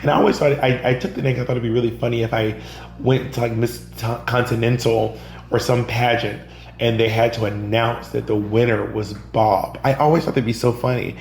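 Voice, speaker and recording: Animated male storyteller in a roomy space. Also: mid-range voice, fairly quick, vocal fry. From Georgia, USA. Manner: animated, acts out other people's lines in quotes. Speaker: podcast guest, drag performer and comedian. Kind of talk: casual storytelling in an interview. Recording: roomy echo with a faint hum.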